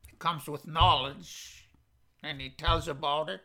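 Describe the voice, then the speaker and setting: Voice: mid-range voice, fairly even intonation, unhurried. A language teacher going through a vocabulary lesson, saying each word, repeating it and defining it with a string of English synonyms, in a plain, patient way. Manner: plain, patient explaining with soft asides and small laughs.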